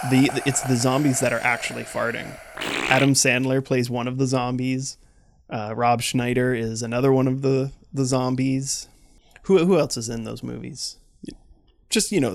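Guy with a gravelly voice riffing deadpan on a comedy podcast, dry close mic. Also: mid-range voice, no room sound. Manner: rambling, playful, deadpan riffing. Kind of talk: improvised comedy banter.

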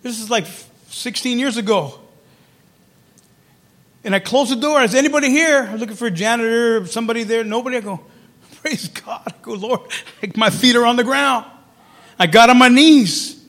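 A man preaching as pastor, telling his story quietly, then building to loud, fervent calls. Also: very high voice, moderate pace, pauses often. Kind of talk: sermon.

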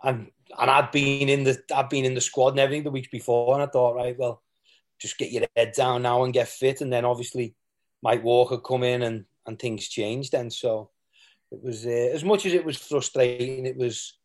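His mid-range voice holds a steady tone at a moderate pace. He's an ex-footballer from England, a guest in an interview, telling candid, rambling stories of his playing days, full of restarts and quoted asides.

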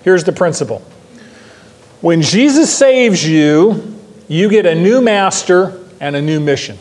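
Older male pastor, sermon, emphatic and repetitive, high voice with long room reverb. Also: lively intonation, measured pace, a little mellow. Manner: emphatic, repeats key phrases, asks the class questions. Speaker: pastor teaching a Bible class.

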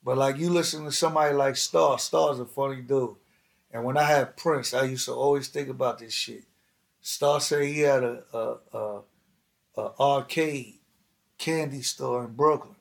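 A man's voice: medium pitch, steady tone, normal speed, creaky. A man telling stories in casual, slangy, profane chat as a podcast host, acting out other people's lines.

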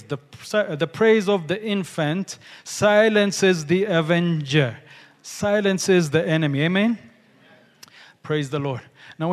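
A man's voice: fairly high pitch, in a large hall. A man preaching a sermon, emphatic, calling out hallelujah and asking the congregation to respond.

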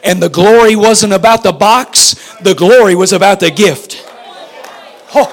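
A man preaching an altar call, speaking with impassioned repetition that swings from hushed prayer to loud pleading. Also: sits high, unhurried, some chatter behind. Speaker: pastor.

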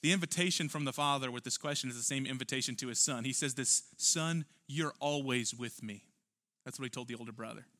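Bright-voiced man preaching a sermon. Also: medium pitch, steady tone, rapid-fire, few pauses. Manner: earnest, emphatic preaching with rhetorical questions. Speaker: pastor.

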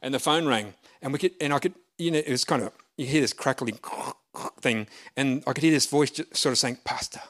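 A middle-aged pastor preaching at medium pitch. He tells his story in a loose, chatty way and pokes fun at himself. He breaks off often and starts his sentences over. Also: brisk, a bit bright. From Australia. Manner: chatty and self-deprecating, with frequent restarts and laughs. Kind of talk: sermon storytelling.

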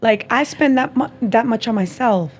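Podcast host, woman, slightly high pitch, animated profane storyteller who acts out the dialogue. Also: normal speed, a little hiss or hum. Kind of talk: casual storytelling chat.

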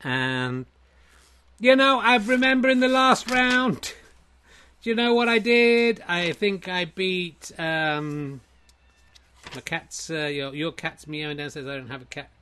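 A man voicing a smug, successful version of himself who brags in a lazy, relaxed drawl. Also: high-pitched, slow pace, smooth, exaggerated voice. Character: smug, laid-back successful man, self-satisfied show-off.

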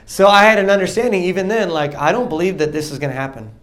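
Young male preacher in his twenties, animated testimony delivery, slightly raised pitch. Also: fast. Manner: animated storytelling, acts out dialogue, laughs often. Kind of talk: testimony sermon.

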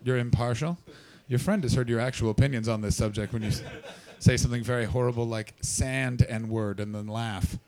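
Brief: male stand-up doing crowd work, gravelly edge, swearing, needling the audience. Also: medium pitch, steady tone, a little fast, a little mellow. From Canada. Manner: brash, profane, teasing. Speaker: stand-up comedian.

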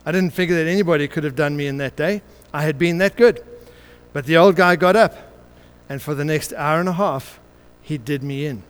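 An older man preaching a sermon, telling a story and building it up through rhythmic repetition. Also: fairly high pitch.

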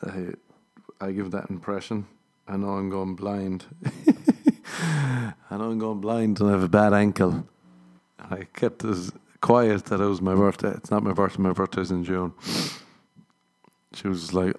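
Young male podcast host, low voice, gravelly, rambling casual chat. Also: level tone, normal speed, darkish tone. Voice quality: low, gravelly, laughs often.

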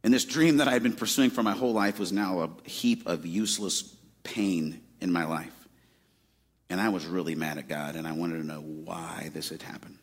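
A man's voice: low-pitched, steady tone, moderate pace, slightly rough. A man in his forties from Arizona, preaching a sermon in a casual, conversational way with many fillers. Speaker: pastor.

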